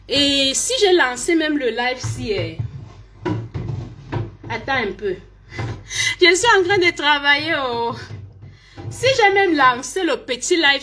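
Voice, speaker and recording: A woman's voice: high voice, sharp tone. A woman whose first language is French, speaking hesitantly in a casual message and switching between English and French with many fillers. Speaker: vlogger speaking to a fellow live-streamer.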